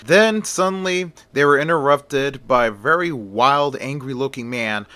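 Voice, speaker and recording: A man narrates a horror tale in a loose, chatty way. His voice is bright and forceful at a middle pitch. The recording is dry and close. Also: measured pace, dry recording. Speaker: storyteller. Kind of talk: casual retelling of a horror story.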